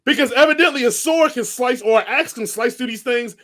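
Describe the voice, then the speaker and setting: A man with a high voice rants in casual podcast chat, animated and jokey. He swears freely and keeps the talk loose. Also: a little fast. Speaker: podcast co-host. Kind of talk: casual movie review chat.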